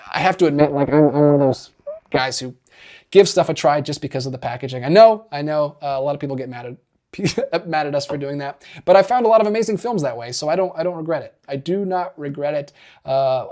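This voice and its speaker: A man's voice: on the high side, darkish tone. A man hosting a casual livestream, chatting in an upbeat, rambling way with lots of fillers and self-corrections as he reads viewer comments. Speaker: physical media YouTube host.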